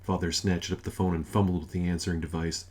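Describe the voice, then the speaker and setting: Low-voiced male narrator, dry wry read of a comic novel. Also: level tone, fast. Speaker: audiobook narrator.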